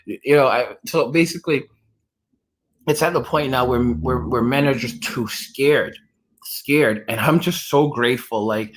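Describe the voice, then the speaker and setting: A man chats casually on a livestream and answers his viewers as he goes. His voice sits in an ordinary middle pitch. He rambles, restarts sentences, and fills the gaps with "like" and "you know.". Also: a bit bright. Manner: rambling, heavy use of "like" and restarts. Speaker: livestream host reading chat.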